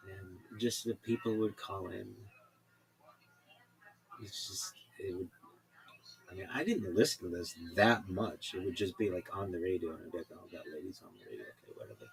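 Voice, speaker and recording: A man's voice: low voice, steady tone, normal speed, long pauses, rough recording. A man telling offhand stories in a casual, rambling way, now and then swearing.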